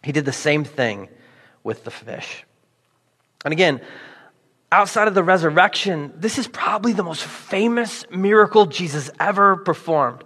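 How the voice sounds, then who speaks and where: A male pastor delivers a sermon with lively, joking storytelling, briefly slipping into playful voices for the people he describes. His voice sits a little high for a man. A long reverb trails behind him, as in a large church hall. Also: normal speed, breathy edge.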